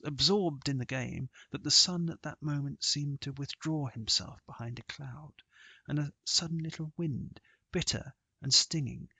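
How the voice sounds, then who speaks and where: Man, horror story narrator, measured delivery, bright tone, dry close recording. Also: medium pitch, gravelly, husky, no room sound.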